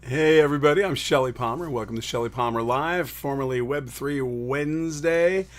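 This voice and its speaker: A man's voice: medium pitch, moderate pace. A man hosting a live tech show from New York City, chatting upbeat and rambling as he greets viewers in the chat.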